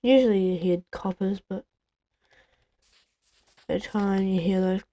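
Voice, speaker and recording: Playing a video game at home on a busy street, a woman rambles casually to herself, full of fillers, as a gameplay video creator. Her mid-range voice is dark in tone and measured in pace, with no echo. Street traffic sits behind her, including passing trucks.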